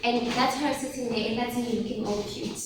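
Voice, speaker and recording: A high-pitched woman gives a lively motivational talk to a group of teens, firing questions at them and pushing them to answer. She is picked up from across a very echoey room, with faint noise underneath. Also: fairly quick, distant mic. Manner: animated, asks the audience questions and calls for replies. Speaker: workshop speaker for teen girls.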